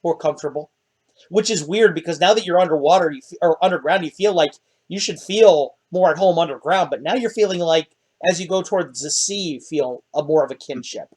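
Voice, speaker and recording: A man narrating as dungeon master of a tabletop game, lively and quick to laugh. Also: a little high.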